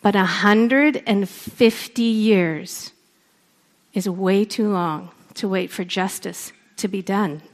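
A woman from Canada, a storyteller, giving an earnest public speech with deliberate emphasis. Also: medium pitch. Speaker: storyteller and speaker.

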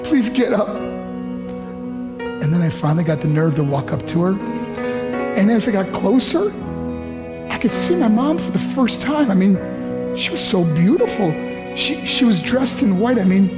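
A man's voice: sits high, sing-song, normal speed. A middle-aged man from the United States giving a motivational speech, telling a personal story in an earnest, pleading way. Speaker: motivational speaker. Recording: faint music underneath. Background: soft background music.

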